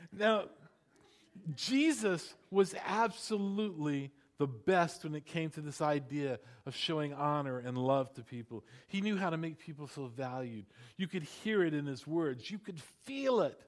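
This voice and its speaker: Man, high voice, pastor preaching, chatty asides, rhetorical questions, laughs at own jokes. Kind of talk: sermon.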